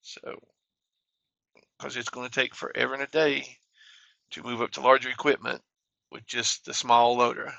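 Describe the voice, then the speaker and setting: A man narrates his game session in a laid-back, plain way. His voice has a gravelly edge and a bright, forward tone. The recording is close and dry, with no room sound. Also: medium pitch, normal speed, pauses often, no room sound, dull audio. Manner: relaxed, plain-spoken walkthrough talk. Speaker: gaming channel host. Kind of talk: casual game commentary.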